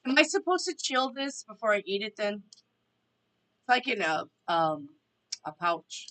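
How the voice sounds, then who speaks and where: A woman's voice: medium pitch, big pitch swings, unhurried, a bit bright, low-quality recording. A woman hosting a casual live stream, chatting to viewers and reading their questions aloud. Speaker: tarot reader and live stream host.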